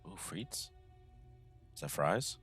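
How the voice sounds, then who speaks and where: A man's voice: deep voice, animated, takes it slowly, fairly bright tone, soft background music. A man streaming a detective game, reading along with laid-back, amused asides. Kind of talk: casual game commentary.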